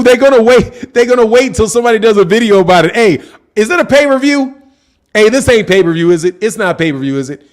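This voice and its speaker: A man hosting a boxing channel, chatting casually to his live chat in slang, repeating himself for emphasis. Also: high-pitched. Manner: slangy, repetitive, talks to chat. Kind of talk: casual livestream commentary.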